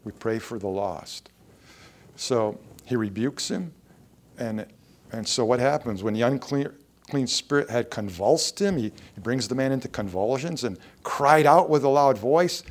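A man's voice: medium pitch, lively intonation, a little slow. Man preaching an emphatic sermon. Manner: preaching with rising emphasis and quoted scripture. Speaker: pastor.

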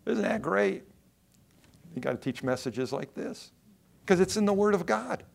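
A man's voice: high voice, animated, unhurried, creaky. Man preaching a conversational sermon. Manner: conversational preaching with rhetorical questions and acted-out quotes. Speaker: pastor.

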